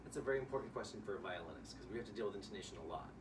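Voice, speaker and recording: Relaxed male violin teacher, distant mic. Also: fairly low pitch, racing. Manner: relaxed, explains with sung examples. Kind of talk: casual one-on-one music lesson. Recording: distant room mic with noise.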